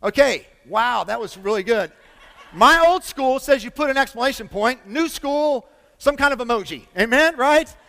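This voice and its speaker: High-voiced preacher in a reverberant church. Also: male voice, normal speed. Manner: animated, emphatic preaching with call-outs to the congregation. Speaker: pastor. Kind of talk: sermon. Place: church sanctuary with congregation. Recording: long hall reverb.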